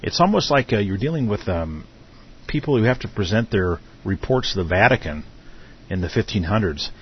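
A middle-aged man hosting a live internet radio talk show, speaking in a halting way full of filler hesitations. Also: lowish voice, lively intonation, breathy edge. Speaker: host. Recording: dull lo-fi audio with faint noise.

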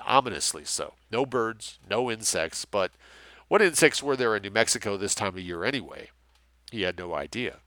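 Bright, dry-voiced male narrator. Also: fairly low pitch, no room sound. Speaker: audiobook narrator. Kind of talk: scripted narration.

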